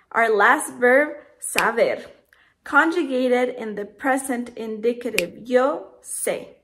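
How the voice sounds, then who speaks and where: A woman teaching Spanish verbs in a scripted lesson, speaking slowly and carefully, spelling out letters and conjugations one by one. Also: on the high side, fairly bright tone.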